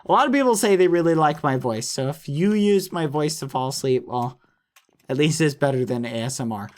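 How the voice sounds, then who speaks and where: A man's voice: fairly high pitch, animated, brisk, a little mellow. A man streaming late at night who chats casually with viewers in a snarky, playful way, apologizing over and over.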